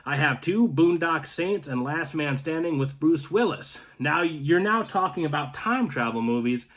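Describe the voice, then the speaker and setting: A man's voice: on the high side, expressive, normal speed, fairly bright tone. A man from North Carolina hosting his channel, chatting casually with viewers and reading their comments, rambling with joking asides and frequent restarts. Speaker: channel host. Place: home in Canada.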